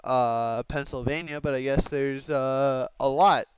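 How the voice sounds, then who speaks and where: Slow, hesitant young man presenting. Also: medium pitch, fairly even intonation, clean tone, dry recording. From Oregon, USA. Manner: hesitant, many fillers and self-corrections. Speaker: student presenter. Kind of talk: slide presentation on dialect maps. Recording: slightly dull lo-fi mic.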